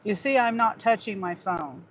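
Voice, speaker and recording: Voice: medium pitch, expressive, normal speed, a little hiss or hum. A gig delivery driver vlogging to viewers, sighing and muttering in exasperation at a glitching phone. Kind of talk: casual vlog talking to viewers.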